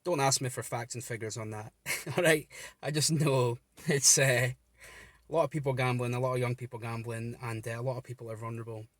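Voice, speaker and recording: A man's voice: medium pitch, steady tone, a little fast, no echo. A man talking casually to camera from his car, earnest and rambling, with many ums and restarts. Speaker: vlogger running a gambling support page. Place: inside a car.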